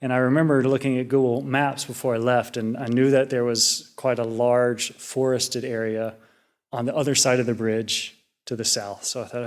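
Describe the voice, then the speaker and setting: Young man, junior buddhist monk, casual storytelling talk, relaxed and rambling, lots of fillers. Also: medium pitch, a little fast. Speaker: junior Buddhist monk giving a Dhamma reflection.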